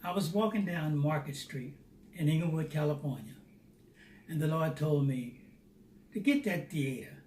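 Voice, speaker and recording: A man telling a personal faith testimony as a lively storyteller who acts out the dialogue. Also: a little high, normal speed, long pauses. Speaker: Christian theater founder. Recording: roomy, distant mic, faint noise.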